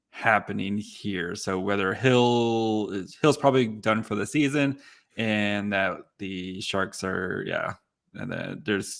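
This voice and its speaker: Gravelly low-voiced man co-hosting a podcast. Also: fairly bright tone. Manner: rambling, filler-heavy recaps. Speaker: podcast co-host. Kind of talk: casual live-stream podcast chat.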